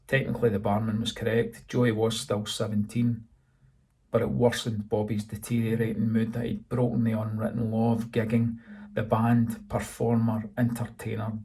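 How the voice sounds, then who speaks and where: A Scottish man, the author, narrating his own novel in a steady, dry reading. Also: medium pitch, creaky. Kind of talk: audiobook narration.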